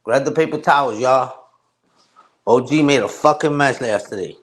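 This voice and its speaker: A man's voice: mid-range voice, normal speed. A man ranting casually on his live stream. He repeats himself, uses heavy slang and keeps asking "you heard?".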